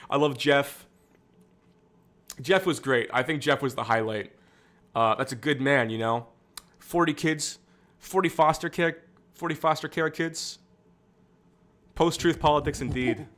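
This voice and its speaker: A man's voice: fairly high pitch, unhurried, long pauses, a bit bright. Rambling young man streamer. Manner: rambling, candid, self-deprecating, with frequent fillers and restarts. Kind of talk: casual political commentary stream.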